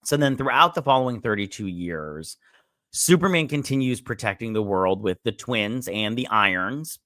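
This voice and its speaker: A man's voice: lowish voice, sharp tone, no room sound. A man hosting a TV episode review in a loose, rambling way, full of fillers and swearing, who acts out quotes from the episode. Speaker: show host reviewing a TV episode. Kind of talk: casual review chat.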